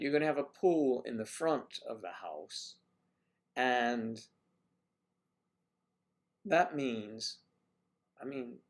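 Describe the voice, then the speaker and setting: A man hosting a livestream, chatting casually with viewers in a rambling, teasing way. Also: mid-range voice. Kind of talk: casual chat.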